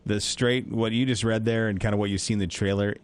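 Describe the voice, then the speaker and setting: Man, radio co-host, casual movie talk, low voice, animated. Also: fast talker. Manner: animated, acts out movie lines in bursts of raised voice. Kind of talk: casual chat.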